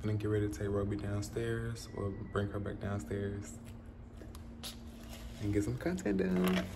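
His voice is fairly low and his pace moderate, with background noise in the recording. This young man is vlogging casually to a camera on a tripod inside his apartment while suffering food poisoning and a sore tongue from a bite. He's talkative and lively, swearing freely as he speaks straight to viewers.

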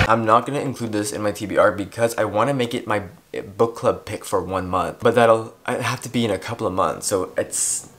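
A man's voice: fairly low pitch, a bit bright. A man vlogging in a rambling, self-deprecating casual chat, cursing freely as he goes. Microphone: clip-on or desk mic.

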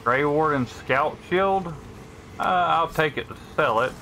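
A man's voice: fairly high pitch, unhurried, bright, forceful tone, a little hiss or hum. A man casually commentating his gameplay, thinking aloud in a laid-back way. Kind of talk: casual let's-play commentary.

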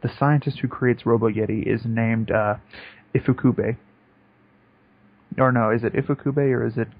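Husky man on a lo-fi podcast. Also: medium pitch, normal speed. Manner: rambling, excitable, sweary. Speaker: podcast co-host. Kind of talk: casual chat. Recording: dull lo-fi podcast audio.

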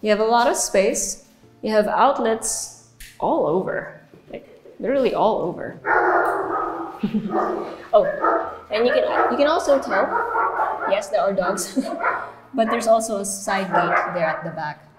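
A woman's voice: mid-range voice, expressive, unhurried, pauses often, very noisy. A woman with a Filipino accent hosting a house tour, chatty and giggly, now and then slipping into Tagalog. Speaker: real estate tour host. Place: indoors in a large house.

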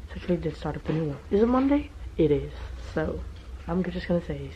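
A woman in her twenties with a hoarse, worn-out voice, chatting casually and rambling to the camera in a vlog. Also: lowish voice, animated, quick pace. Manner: chatty, rambling, tired, giggly. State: hoarse, voice nearly gone. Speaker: vlogger. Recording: muffled camera audio with background noise.

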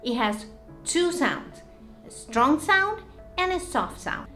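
A young woman walks through a pronunciation lesson at a very unhurried pace. She says each word twice with crisp, deliberate articulation, then gives its meaning. Faint music plays underneath. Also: high voice, very animated, bright, forceful tone. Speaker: Spanish teacher. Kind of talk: slow, clearly enunciated language lesson.

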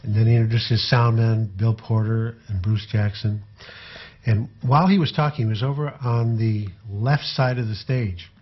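An older man, a former tour manager, telling personal anecdotes in a relaxed, halting way. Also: lowish voice, breathy edge, muffled recording. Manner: relaxed, halting storyteller with fillers.

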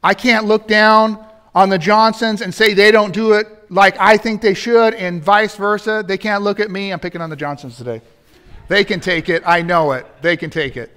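A man's voice: sits high, fairly even intonation, moderate pace, sharp tone, clean tone. A man preaching a sermon in a church, building to emphatic points and turning to the congregation with asides. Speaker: pastor. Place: church sanctuary.

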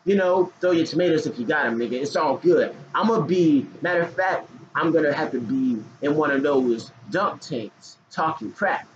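A man's voice: fairly high pitch, lively intonation, moderate pace, few pauses. Joking slangy man on a lo-fi recording. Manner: loose, joking, slangy, hyped outbursts. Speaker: forex trading vlogger. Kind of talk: casual trading talk. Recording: dull lo-fi recording with faint noise.

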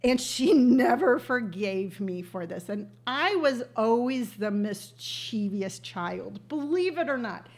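A woman's voice: fairly high pitch, expressive, slow, few pauses. An older woman hosting a casual livestream, telling stories in a chatty, emotional way. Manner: chatty storytelling, emotional and tearful at moments. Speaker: livestream host. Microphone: webcam on a livestream.

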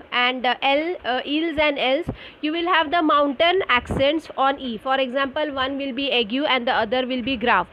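High-voiced Indian teacher spelling out words. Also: female voice, lo-fi sound. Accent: Indian English. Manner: explains step by step, spells words letter by letter. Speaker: French teacher. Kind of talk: recorded school lesson.

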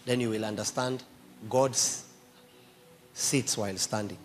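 A man's voice: fairly low pitch, fairly even intonation, measured pace, slight background noise. A man preaching a sermon, emphatically quizzing his congregation with questions.

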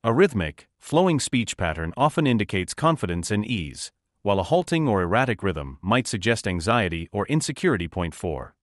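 A man reading a nonfiction audiobook as narrator, in a measured, instructive way. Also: on the low side, very animated, no echo, clean studio sound.

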